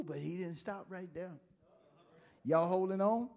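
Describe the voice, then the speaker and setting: A man. He drops into low, conversational asides, then climbs to loud, emphatic call-and-response lines that invite the congregation to answer. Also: a little slow, gravelly, pauses often. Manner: call-and-response preaching, rising to emphatic shouts. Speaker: pastor. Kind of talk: sermon.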